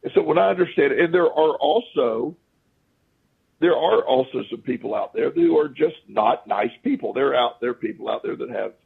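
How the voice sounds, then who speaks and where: Man, podcast guest, gravelly husky voice, tinny phone-line sound, animated storyteller. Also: medium pitch, normal speed. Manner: animated storyteller who acts out quoted speech. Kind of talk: casual anecdotal storytelling.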